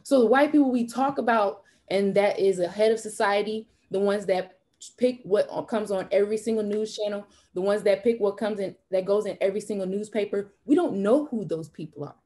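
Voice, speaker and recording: Passionate woman with a mellow voice. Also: medium pitch, brisk. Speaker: panelist. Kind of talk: casual panel discussion.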